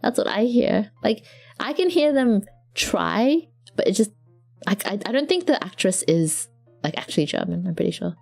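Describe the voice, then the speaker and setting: A young woman with an Australian accent rambles casually through a live stream chat. She laughs often and restarts her sentences, and soft music plays behind her. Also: medium pitch, sing-song, normal speed, vocal fry. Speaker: vtuber streamer.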